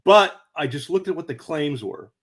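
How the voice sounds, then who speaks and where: Animated storytelling man. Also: normal speed. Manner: animated, jumps to high excited pitch acting out quoted voices; chuckles mid-sentence, stammered restarts. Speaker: guest author. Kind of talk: conversational interview storytelling.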